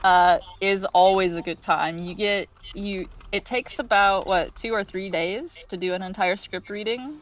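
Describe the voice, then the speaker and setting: A woman's voice: medium pitch, steady tone, unhurried, few pauses, dull audio. A woman game developer chatting casually on a group video call, rambling with many fillers and laughing often.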